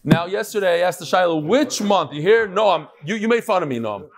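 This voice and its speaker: A man with a somewhat high voice leads a daily Talmud class in front of a live group. He jokes and teases with the people in the room between points of the lesson. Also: expressive, brisk. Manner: joking, teasing back and forth with a live class.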